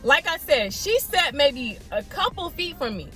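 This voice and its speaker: High-voiced woman telling a lively story. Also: measured pace, faint music behind. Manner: animated storytelling, mimics others in quotes. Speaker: vlogger. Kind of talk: storytime vlog.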